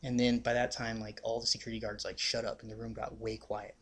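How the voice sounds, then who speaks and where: A man's voice: fairly low pitch, little pitch movement, quick pace, a little hiss or hum. A young man casually telling a story on his vlog, rambling and swearing, with constant "like" and "you know". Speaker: vlogger.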